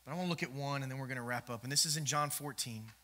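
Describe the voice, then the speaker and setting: A man preaching a sermon as pastor, swinging from loud emphatic lines to hushed ones and acting out the voices he quotes. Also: mid-range voice, very fast.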